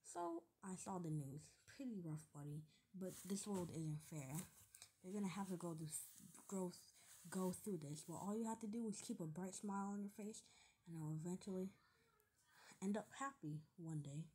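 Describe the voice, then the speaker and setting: A woman voicing a calm, kindly male sage spirit in a casual retelling of a fan story, speaking gently and encouragingly. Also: on the low side, normal speed, natural voice, rough recording. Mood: reassuring.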